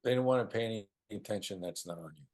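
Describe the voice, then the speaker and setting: Man guest, low voice, emphatic, negotiation tips over a video call. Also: darkish tone. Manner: emphatic, drops into a slow soothing voice to demonstrate. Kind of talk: lively explanatory talk.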